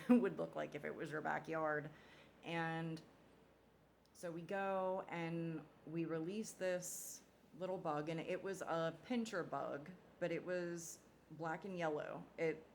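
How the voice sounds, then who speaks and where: Low-voiced woman casually recounting a dream. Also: creaky, a little hiss or hum. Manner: rambling, loose, swears casually. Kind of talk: casual storytelling.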